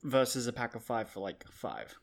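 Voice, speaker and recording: Aussie guy on a podcast, mid-pitched, laid back and a bit dry. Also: sing-song, normal speed, gravelly. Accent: Australian. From Australia. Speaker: podcast co-host. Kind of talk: casual chat.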